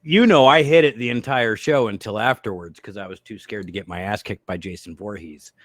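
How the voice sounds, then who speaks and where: A man co-hosting a podcast, talking excitedly and profanely about a horror film with a friend. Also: fairly low pitch, fairly quick, no room sound. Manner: excitable, swears, bursts into shouts. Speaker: podcast co-host. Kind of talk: casual movie review chat.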